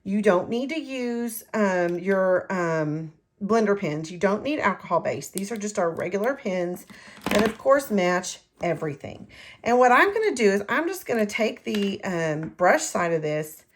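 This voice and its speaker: A woman's voice: medium pitch, animated, a little slow, a little hiss or hum. A middle-aged woman giving a casual, rambling craft tutorial from her home craft room, correcting herself as she goes. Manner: chatty, rambling, self-correcting. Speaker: card-making demonstrator.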